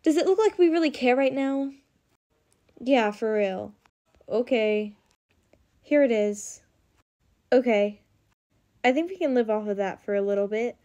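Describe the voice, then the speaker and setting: Young woman, high voice, voicing every role of a dramatic teen cartoon story. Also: a little slow, pauses often. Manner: dramatic teen dialogue, excitable. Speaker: voice-over storyteller. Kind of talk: acted cartoon story voicing all roles.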